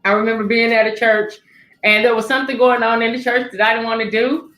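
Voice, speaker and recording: A woman's voice: fairly high pitch, little pitch movement, fast talker, fairly bright tone, reverberant, rough recording. A woman hosting a casual panel discussion, telling stories and acting out the voices she quotes. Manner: storytelling that acts out quoted voices. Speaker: panel host.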